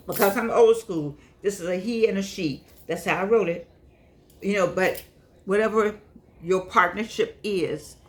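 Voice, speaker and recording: Older woman, chatty and scolding. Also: mid-range voice. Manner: chatty, scolding, repeats herself, animated rises. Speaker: vlogger and author. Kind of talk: casual monologue to camera.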